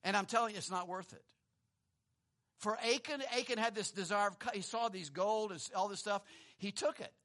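A man's voice: high-pitched, normal speed. A man preaching a sermon in a conversational way, asking rhetorical questions, chuckling, and reading scripture aloud. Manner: reads scripture aloud, swings between emphatic and hushed. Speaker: pastor.

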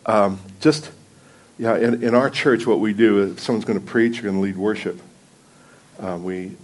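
A man with a fairly low, slightly mellow voice speaks at a moderate pace with fairly even intonation. As guest preacher in a church sanctuary, he begins his sermon casually, telling loose, self-deprecating stories to the congregation and laughing often.

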